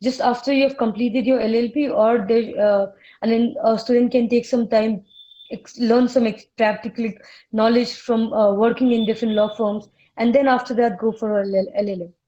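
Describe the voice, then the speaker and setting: A woman's voice: fairly high pitch, steady tone, normal speed, warm tone. A woman moderating a webinar, politely asking questions with some hesitation over a video call. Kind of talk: reading interview questions. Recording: dull online call audio.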